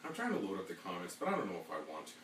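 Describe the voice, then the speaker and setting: A man's voice: sits low, wildly swooping pitch, a bit bright. A man hosting a casual live-stream podcast, reading viewer comments and joking with his co-host. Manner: slides into a fast auctioneer patter as a joke. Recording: echoey room, mic at a distance, faint hum.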